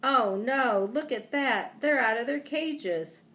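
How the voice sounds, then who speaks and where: Reader voicing a kind woman teacher in a storybook, gentle and worried, near her own voice. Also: on the high side, slow, pitched above the performer's own voice. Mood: concerned. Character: kindly woman schoolteacher.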